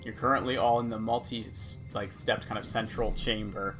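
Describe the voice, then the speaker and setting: A man running a tabletop game as game master, describing scenes slowly with pauses. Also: on the low side, fairly even intonation, over music.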